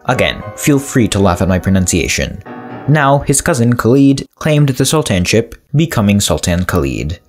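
Lively wry male narrator. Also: on the low side, moderate pace, soft background music. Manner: lively, wry asides to the viewer. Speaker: narrator of a history explainer channel. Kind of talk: scripted narration.

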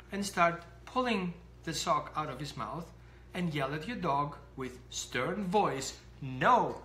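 A dog trainer giving an animated explanatory talk to camera, acting out little scenes. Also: mid-range voice, roomy sound, slight background noise.

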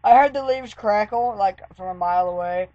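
A woman's voice: medium pitch, moderate pace, dark tone, dry recording, dull audio. A woman vlogger telling a story in a casual, rambling way, with lots of "like". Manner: chatty, rambling, full of "like" fillers.

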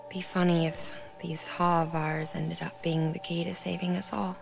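A calm, weary woman speaks quietly in a game cutscene. Her voice sits low with a gravelly edge and little melody, over cutscene music. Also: normal speed. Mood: tender.

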